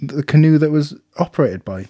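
A man's voice: fairly high pitch, lively intonation, brisk, warm tone, dry recording, studio quality. A British man co-hosting a casual podcast chat, explaining things in a rambling way with lots of fillers. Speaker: podcast co-host.

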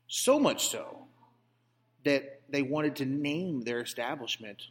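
A man's voice: medium pitch, expressive, measured pace. Mock-grand storytelling man in an echoing hall. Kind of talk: comedic banter. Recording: long hall reverb.

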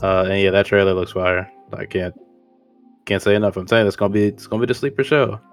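A man's voice: fairly low pitch, steady tone, fast, faint music behind. A man co-hosting a podcast, chatting casually in slang, rambling and correcting himself as he goes. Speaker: podcast co-host. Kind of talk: casual chat.

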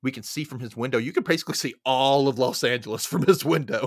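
A man's voice: medium pitch, quick pace, no echo, studio quality. A man hosting a podcast, recapping a movie in a casual, laid-back way and acting out the characters' lines. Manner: laid-back, acts out characters with sudden loud yelps. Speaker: podcast host.

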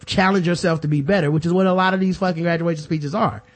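Male podcast co-host, swears freely, joking, fairly high voice. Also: fast. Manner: profane, joking, animated. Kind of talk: casual chat.

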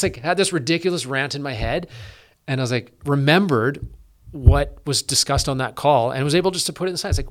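A middle-aged man from Canada talks fast in a relaxed interview. He speaks at a normal pitch and keeps restarting his sentences, full of "like" and "you know". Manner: energetic, quick, with many fillers and restarts. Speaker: police officer guest. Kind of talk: casual interview conversation.

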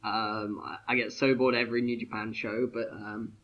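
A man's voice: lowish voice, little pitch movement, normal speed, dull audio. A man co-hosting a casual chat podcast, rambling with lots of fillers and restarts. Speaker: podcast co-host.

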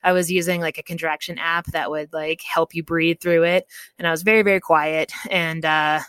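A woman's voice: low voice, moderate pace, clear, resonant tone, no room sound, clean studio sound. A woman, a podcast guest, telling a personal story in casual talk, laughing often and acting out what people said. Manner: laughs often, quotes people in lively voices.

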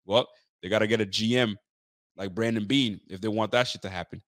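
A young man hosting a casual sports podcast, telling stories with lively mimicked quotes and loose slang. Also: lowish voice, a little fast, no echo, studio quality. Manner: loose street slang and swearing. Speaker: podcast host. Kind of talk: casual sports talk chat.

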